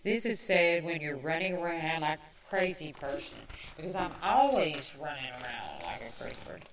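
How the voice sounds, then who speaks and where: A woman from the American South with a Southern accent, hosting a podcast in a chatty, self-mocking way with quick asides. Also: low-pitched, big pitch swings, noisy background. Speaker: podcast host. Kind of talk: casual chat. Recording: echoey room, mic at a distance.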